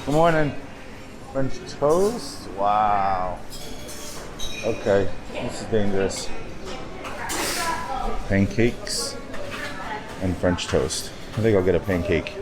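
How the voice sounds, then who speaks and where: Slow-talking man narrating a travel vlog. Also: deep voice, expressive. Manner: chatty, narrating what he sees as he walks. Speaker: travel vlogger. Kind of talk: casual vlog commentary while walking.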